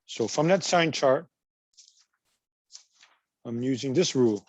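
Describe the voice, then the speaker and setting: A man's voice: mid-range voice, animated, takes it slowly, dry recording. A man teaching a college math class, patiently working through examples and repeating key words. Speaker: math instructor. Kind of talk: recorded class lecture.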